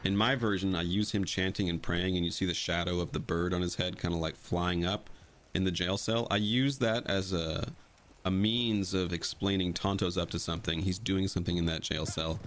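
His voice sits low yet has a fairly bright tone, steady and at a moderate pace. A young video creator, he gives casual, blunt voice-over commentary on his own fan edit of a film, swearing freely.

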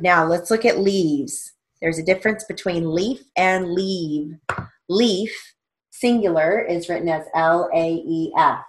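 Woman, steno instructor; slow, careful dictation, slightly low pitch. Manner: slow, measured dictation, spelling out letters. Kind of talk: dictation lesson with explanations.

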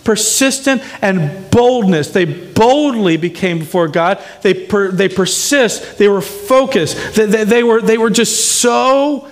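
A man's voice: sits high, unhurried, hardly any pauses. A man preaching a sermon as pastor, emphatic and often checking in with the congregation. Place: church sanctuary. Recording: long hall reverb in a church.

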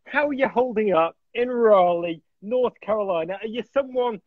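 A man's voice: high voice, normal speed, no echo, narrow, tinny audio. A man hosting a casual live stream, talking in an exuberant, theatrical, effusive way. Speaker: host.

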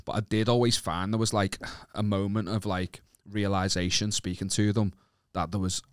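A man's voice: fairly low pitch, little pitch movement, moderate pace, clear, resonant tone, no room sound, studio quality. A man from the north of England co-hosting a casual podcast, telling stories with lots of swearing and laughter. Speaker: podcast co-host.

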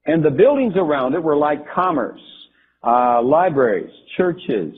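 Husky man recounting a vision over a tinny line. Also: fairly high pitch, sing-song. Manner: halting, with frequent restarts and fillers. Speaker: storyteller recounting a religious vision. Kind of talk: first-person account of a vision. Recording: tinny phone-like lo-fi recording.

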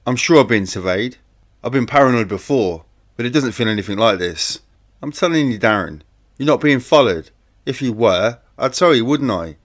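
A man voicing a brisk male police handler who is impatient but reassuring. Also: mid-range voice, animated, voice pushed up, close to an everyday voice. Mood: dismissive.

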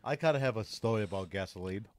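A man in a casual podcast chat, cutting in with jokes and quick interjections. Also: fairly low pitch, lively intonation, darkish tone, no room sound.

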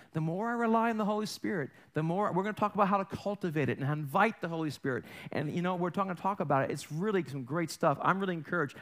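An animated male pastor delivers a sermon from a church platform. His voice sits high for a man and leaps all over the place, swinging between hushed asides and bright bursts. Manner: animated, acts out family voices in quotes. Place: church sanctuary.

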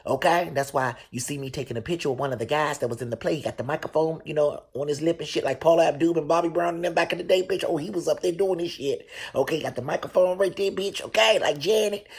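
A man hosting a show, telling a story casually in a profane, animated way. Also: fast talker, creaky, hardly any pauses, husky. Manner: animated, profane storytelling with loud, high bursts. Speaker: show host.

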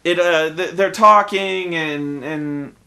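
A man's voice: fairly high pitch, slow pace, vocal fry, sharp tone. A man in a casual, profane film review rant, exasperated and full of restarts.

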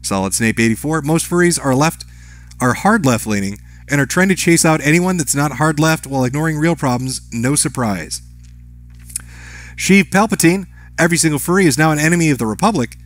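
A man's voice: on the high side, expressive, fairly quick. A man reading out viewer messages on a live stream, answering each with brief offhand remarks. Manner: reads chat names and messages aloud, brief offhand replies.

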